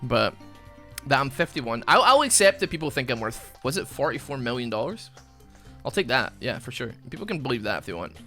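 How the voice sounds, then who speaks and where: A man chatting casually while he plays, his voice bright and forward, swinging widely up and down in pitch as he rambles through a story full of "like"s. Faint music sits underneath. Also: fairly quick. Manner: rambling storyteller, many fillers; animated, bursts of laughter. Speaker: gaming YouTuber. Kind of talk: casual chat over gameplay.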